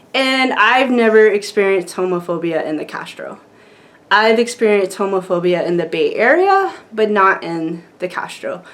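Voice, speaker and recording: A woman vlogger chatting casually to camera, rambling with lots of fillers and frequent laughs. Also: medium pitch.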